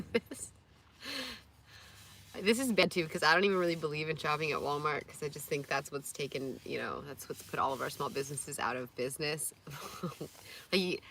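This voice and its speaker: A woman's voice: low-pitched, pushed and bright, a little hiss or hum. A woman in her thirties vlogging in a rambling, candid way, cooing baby talk at her dogs between stories. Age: 30s. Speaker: van-life vlogger. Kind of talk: casual vlog chat.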